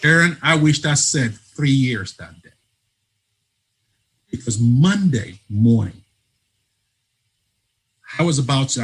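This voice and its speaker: A man from Africa tells a personal story as an interview guest, animated and quick to laugh. His voice sits at an ordinary pitch. He speaks over a remote call, with faint noise underneath. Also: low-quality recording. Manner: animated storyteller, laughs often, acts out dialogue.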